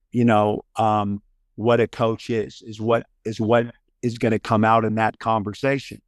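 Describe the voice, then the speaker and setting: An older man from California, a basketball coach, answering an interview question in a thoughtful, halting way with many fillers. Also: fairly low pitch, little pitch movement, dry recording, studio quality.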